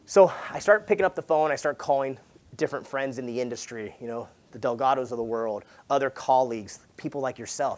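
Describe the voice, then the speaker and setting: A man's voice: medium pitch, brisk. A man, a real estate agent, giving a motivational talk at a sales summit. He tells stories casually, acts out conversations and swears along the way. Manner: animated, acts out conversations in quoted voices; casual and slangy, swears, says dude. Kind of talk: motivational conference talk, storytelling.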